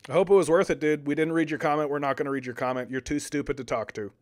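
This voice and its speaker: A young man doing casual live-stream political commentary, animated, repeating words and arguing with his chat. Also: fairly high pitch, rapid-fire. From Canada.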